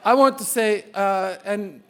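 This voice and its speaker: A man's voice: high-pitched, unhurried, bright, forceful tone. A man in his forties from Turkey with a Turkish accent, telling a funny personal story live on stage, self-mocking and building to punchlines. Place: live stage before an audience.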